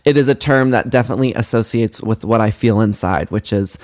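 A man who performs in drag, speaking as a podcast guest in an earnest, expressive way with small restarts. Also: lowish voice, brisk. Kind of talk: casual interview conversation.

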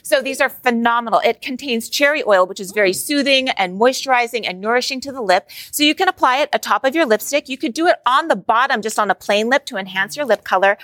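A woman on a morning television show, presenting beauty products in an upbeat sales-pitch manner. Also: expressive, quick pace, few pauses, a bit bright, no room sound. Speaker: shopping contributor.

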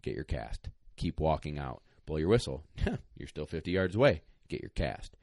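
A deep-voiced man talks through retriever training in casual podcast chat, blunt and emphatic in his advice. He sounds a little out of breath. His voice is recorded dry and close, with no room sound. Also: sing-song, normal speed, gravelly, a little mellow, dry recording. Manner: blunt, plain-spoken, emphatic.

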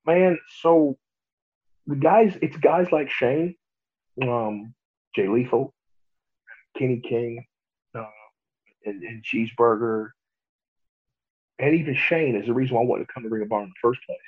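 A young adult man, a pro wrestler, telling stories in a casual interview, animated and quick to laugh. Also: mid-range voice, husky. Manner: animated, laughs often, acts out quotes. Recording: tinny phone-like line.

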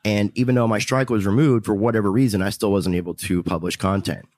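A man's voice: on the low side, fairly even intonation, fast, a little mellow. A man as a YouTuber guest in a casual interview chat, rambling and repeating himself. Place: restaurant VIP room.

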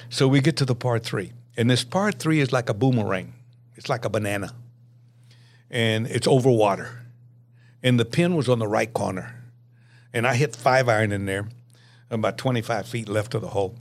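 A man in his eighties, a podcast guest telling stories in a lively way, laughing often and acting out the dialogue. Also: mid-range voice, moderate pace. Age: 80s. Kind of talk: anecdotal storytelling.

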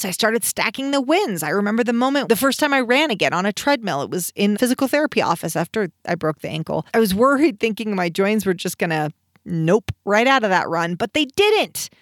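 A woman hosting a motivational podcast, energetic and emphatic, with playful asides. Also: on the high side, moderate pace, dry recording, studio quality. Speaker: podcast host.

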